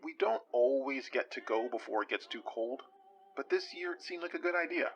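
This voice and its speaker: A man's voice: mid-range voice, expressive, moderate pace, faint music behind, natural voice, low-quality recording. A man playing an awkward detective in an audio drama, hesitant and self-deprecating.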